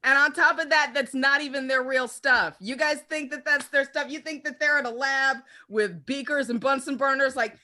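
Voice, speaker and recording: A woman performing a brash, profane stand-up comedy set with animated storytelling. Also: sits high, moderate pace, few pauses.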